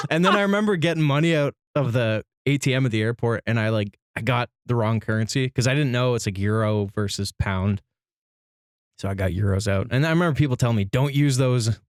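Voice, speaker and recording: A man's voice: medium pitch, brisk, dry recording, clean studio sound. A man co-hosting a podcast, laid-back, swearing casually and calling people "dude". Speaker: podcast co-host.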